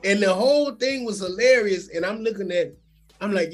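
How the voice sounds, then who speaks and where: A man's voice: sits high, expressive, normal speed. A man co-hosting a casual podcast chat, telling stories in an easygoing way and laughing along. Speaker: podcast co-host.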